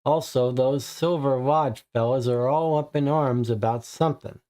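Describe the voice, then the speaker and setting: A man's voice: medium pitch, normal speed, dark tone, natural voice. Sly toothless gossip, as a man puts him on. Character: squirrely toothless small-time male informant.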